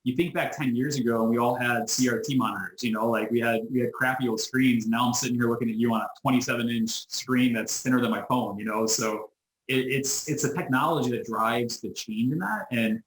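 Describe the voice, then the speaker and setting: Fast-talking man on a roomy video call. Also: medium pitch. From United States. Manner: animated storyteller who acts out quoted voices, frequent restarts. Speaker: interview guest, business owner. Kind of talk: casual storytelling interview. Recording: roomy echo.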